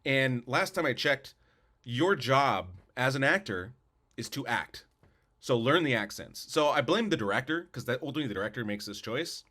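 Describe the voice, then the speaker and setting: With lively intonation and a sharp tone, a medium-pitched man speaks at normal speed as a podcast co-host. His movie-review chat is casual and opinionated, rambling with many restarts and repeated words.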